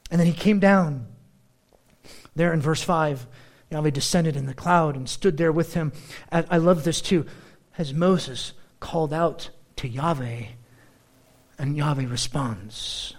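High-voiced man preaching a lively sermon. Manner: animated, shifts between slow emphatic phrasing and quick asides. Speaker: pastor.

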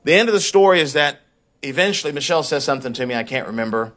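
A pastor's sermon: he narrates something that happened to him, lively and conversational, with words repeated as he gets worked up. His voice leans high, and he delivers it rapid-fire.

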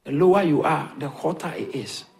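A man preaching a sermon as a pastor, animated and repetitive, chuckling between points. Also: a little high, moderate pace, vocal fry.

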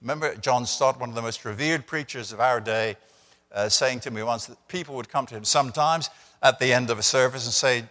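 A man's voice: medium pitch, brisk, bright, forceful tone. An older man preaching as a visiting pastor, conversational with dry humor. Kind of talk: sermon. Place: church sanctuary. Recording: long church reverb.

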